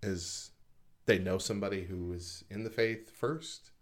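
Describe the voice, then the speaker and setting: A man with a somewhat low voice co-hosts a casual podcast chat. He reads numbers from a list, pausing often on "uh", then breaks off into relaxed comments of his own. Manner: reads figures from a list with frequent "uh" pauses, then comments informally. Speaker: podcast co-host. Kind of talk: casual podcast chat, reading statistics aloud.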